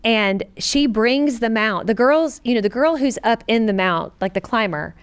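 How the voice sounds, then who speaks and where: Co-host, middle-aged woman: earnest, animated storyteller with a smooth, clear voice. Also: a little high, moderate pace. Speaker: podcast co-host. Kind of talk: personal storytelling in a casual chat.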